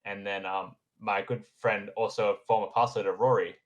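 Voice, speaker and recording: A young man with a fairly low voice talks casually as a podcast guest. He rambles, fills pauses and restarts his sentences in an easygoing, unscripted way. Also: dull audio. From Australia. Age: young adult. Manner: relaxed and rambling, with frequent fillers and restarts. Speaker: podcast guest, engineering graduate. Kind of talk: casual conversation.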